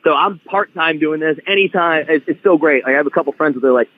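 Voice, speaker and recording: A man's voice: fairly high pitch, quick pace, no room sound. Man talking over a tinny phone line. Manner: animated storyteller, many restarts. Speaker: guest wrestler. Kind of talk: casual podcast chat.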